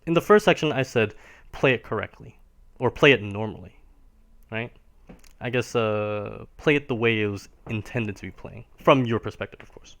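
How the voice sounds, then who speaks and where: With a fairly low, gravelly voice and a fairly bright tone, a man gives a piano lesson on a live stream at a moderate pace. Patient in his explanations, he ends almost every phrase with a questioning "right?" to check in.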